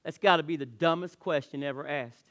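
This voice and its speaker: A male pastor preaches in church, a little high-pitched and fairly quick, swinging from loud emphasis to hushed, quiet lines. He sometimes repeats words as he starts a new thought.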